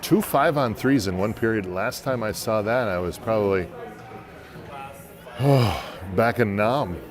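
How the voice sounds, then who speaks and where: A man's voice: lowish voice, lively intonation, unhurried, a crowd in the background. A man doing live play-by-play for an amateur hockey game, folksy and joking between plays.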